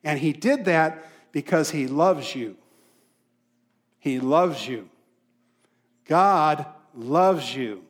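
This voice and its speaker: High-pitched preacher guy, emphatic, keeps repeating lines. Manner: emphatic preaching, repeats key phrases, drops to soft asides. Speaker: pastor. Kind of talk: sermon.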